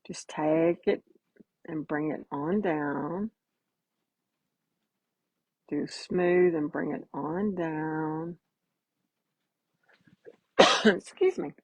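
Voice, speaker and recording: A woman's voice: low-pitched, very slow, pauses often, breathy edge, no room sound, low-quality recording. A woman giving a casual live painting demo, chatty and folksy, greeting viewers by name as she works. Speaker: painting instructor.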